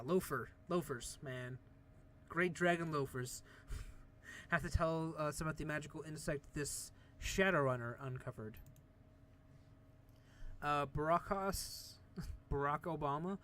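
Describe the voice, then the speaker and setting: A man's voice: a little high, a bit bright, slight background noise. A man casually reading a video game's dialogue aloud, stumbling over words and tossing in profane asides. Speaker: let's play host. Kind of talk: casual let's play commentary, reading game dialogue aloud. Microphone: desk microphone.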